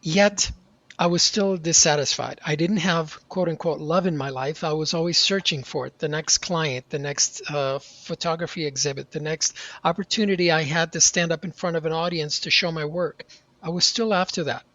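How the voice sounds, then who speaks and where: A middle-aged man, a guest on an interview show, telling a personal story in an earnest, animated way. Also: a little high, normal speed, dry recording. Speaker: podcast guest. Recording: dry, slightly dull audio.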